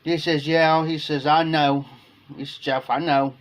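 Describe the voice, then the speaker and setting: A man's voice: fairly high pitch, little pitch movement, unhurried. A man hosting a casual livestream, telling a long story to his chat and repeating "I said" as he goes. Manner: rambling, repeats "I said" while retelling. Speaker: livestream host.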